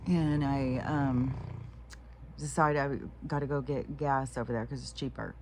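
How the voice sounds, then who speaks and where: A woman's voice: extremely low pitch, steady tone, unhurried, slight background noise. A woman talking to camera in a meandering, frank monologue, swearing freely and often restarting her sentences. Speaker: vlogger. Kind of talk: rambling casual monologue.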